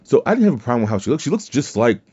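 A man's voice: mid-range voice, big pitch swings, rapid-fire, a little mellow, breathy edge, highs cut off. A man with a Southern US drawl hosting a podcast, talking casually and rambling with self-corrections. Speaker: podcast host. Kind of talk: casual solo podcast talk.

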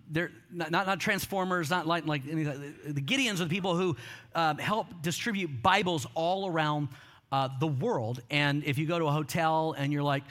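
A man's voice: on the high side, a bit bright. A middle-aged man preaching a sermon, telling stories with quoted voices and calling on the congregation to respond. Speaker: pastor.

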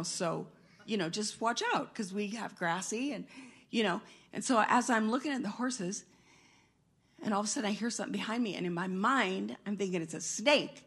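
Middle-aged woman preaching, bright voice, laughs a lot while telling her stories. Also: fairly high pitch. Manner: animated storytelling with bursts of laughter. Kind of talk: sermon.

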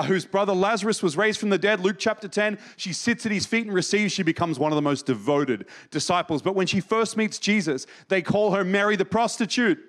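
A man with a notably high-pitched voice delivers a sermon. He preaches with passion, pushing his voice up with urgency and then dropping into a soft, intimate hush as he tells the story. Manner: impassioned, swings from raised to hushed.

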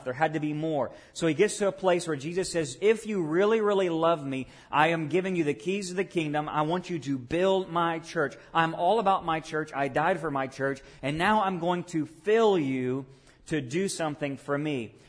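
A man preaching a sermon, moving between hushed, low passages and sudden loud, emphatic rises. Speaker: pastor.

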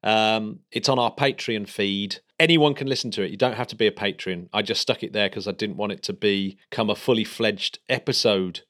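A man co-hosting a podcast, chatting excitedly about space news with plenty of fillers and restarts. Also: fairly low pitch, normal speed, few pauses. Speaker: podcast co-host. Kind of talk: casual space news chat.

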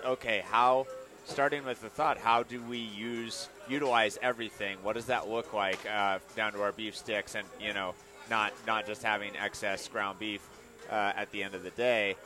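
A man's voice: fairly low pitch, steady tone, normal speed, sharp tone. A man who is an executive chef, answering thoughtfully in a rambling way. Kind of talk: casual interview.

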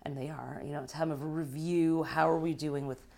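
A woman with a strikingly low voice explains her points in relaxed conversation. She speaks in an explanatory manner and often affirms the other person with quick agreements. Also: gravelly. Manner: explanatory, affirming with frequent mm-hmms. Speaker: astrologer. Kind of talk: casual conversation.

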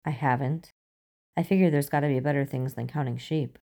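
A woman's voice: very deep voice, fairly even intonation, fairly quick, warm tone. A woman reading the part of a tired, sleepless female FBI agent, speaking in a weary, clipped and self-conscious way.

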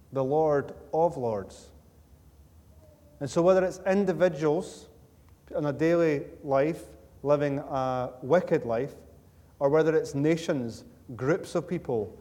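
Long church-hall reverb surrounds this fairly high, dark-toned male voice. He's a Scot delivering a sermon in a sanctuary, joking and storytelling conversationally and repeating points for emphasis.

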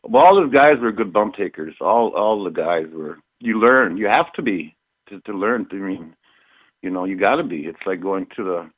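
Brief: middle-aged man from Minnesota, low voice, rambling storyteller, phone-line sound. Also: lively intonation, moderate pace. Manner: rambling, repeats phrases, laughs often. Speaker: former pro wrestler, guest. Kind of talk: casual storytelling interview.

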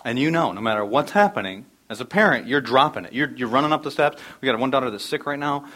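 A man's voice: mid-range voice, fast. A middle-aged man preaching a sermon, telling stories with energy and sometimes dropping almost to a whisper for emphasis. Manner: storytelling, animated, drops to near whisper for emphasis. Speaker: pastor.

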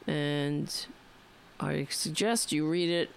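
Woman talk radio host, New York accent, rambling and wry, smooth clear voice. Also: sits low, slow. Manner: rambling, wry, talks to listeners directly. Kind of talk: casual political talk radio monologue.

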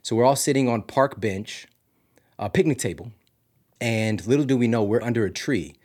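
Man, podcast host, from missouri, lowish voice, lively storytelling, drops to a hush then gets loud. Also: breathy edge. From Missouri, USA. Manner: animated, dramatic swings from loud to hushed. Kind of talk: casual storytelling.

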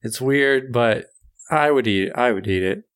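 A man's voice: mid-range voice, unhurried, clear, resonant tone. A young man co-hosting a podcast, laughing and playful in casual banter. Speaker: podcast co-host.

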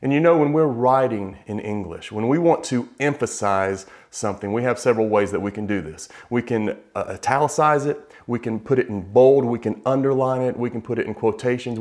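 A man preaching a sermon, emphatic, slowing down to stress key words. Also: medium pitch, a little mellow.

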